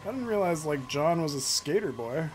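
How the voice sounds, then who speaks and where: A man's voice: on the high side, moderate pace, faint music behind. Giggly man commenting on a game. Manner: joking, giggly, excitable. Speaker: gaming YouTuber. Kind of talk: gameplay commentary.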